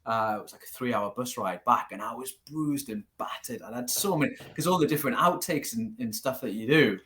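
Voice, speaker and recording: Animated Geordie man telling stories. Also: medium pitch, brisk. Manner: storytelling, animated, laughs easily. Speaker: guest, martial arts teacher. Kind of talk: casual interview.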